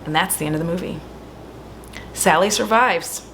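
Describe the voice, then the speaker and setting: A young woman host at home retelling a horror movie casually, chatty and animated, swearing often and full of "like" fillers. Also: fairly low pitch, normal speed, a little hiss or hum.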